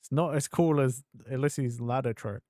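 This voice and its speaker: A man chatting his way through a video game stream, excitable and loose with his swearing, breaking into loud exclamations. His voice sits in an ordinary middle range. The sound is dry and close, with no room around it. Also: mid-range voice, moderate pace, dry recording. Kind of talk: gameplay commentary.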